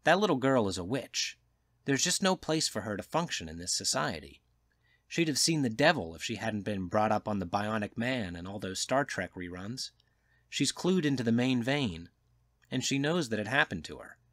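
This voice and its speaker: A man's voice: lowish voice, animated, normal speed, fairly bright tone, no echo. A man voicing a worldly, cynical male journalist who lectures in a knowing, slightly raised voice, in an audiobook reading. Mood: amused storytelling. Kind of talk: audiobook character voice.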